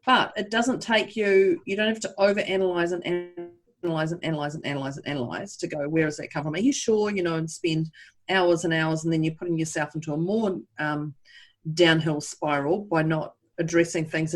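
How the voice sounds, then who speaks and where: Deep-voiced and brisk, with fairly even intonation, this woman co-hosts a podcast. She chats casually, performs inner voices mid-conversation, and sends love to the listeners.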